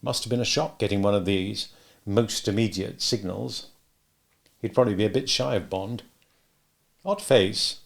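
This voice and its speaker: A man narrating an audiobook in a steady, measured reading voice. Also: fairly low pitch, gravelly.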